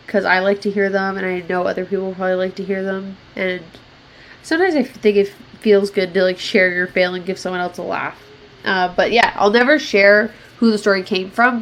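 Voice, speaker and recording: A woman in her twenties talks through her own podcast in a loose, casual way. She swears freely and laughs at herself. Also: mid-range voice. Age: 20s. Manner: chatty, frequent swearing, self-mocking. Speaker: podcast host. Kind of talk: casual solo podcast chat.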